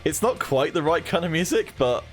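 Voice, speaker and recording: A man's voice: on the high side, animated, moderate pace, soft background music. A man co-hosting a live stream, chatting casually and laughing often. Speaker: streamer and co-host.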